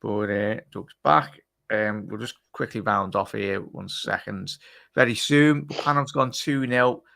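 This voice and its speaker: A low, gravelly male voice with a bright, forceful edge. He hosts a casual fan live stream and banters with his guests while reading out chat. The sound is dry and close. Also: measured pace, dry recording. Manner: chatty, teasing, reads out chat messages. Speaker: host.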